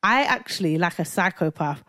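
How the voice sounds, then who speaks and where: A woman's voice: on the low side, animated, moderate pace, bright, forceful tone, dry recording, clean studio sound. A woman in her thirties co-hosting a podcast, chatting in an emphatic way and repeating her points. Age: 30s. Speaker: podcast co-host. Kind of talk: casual chat.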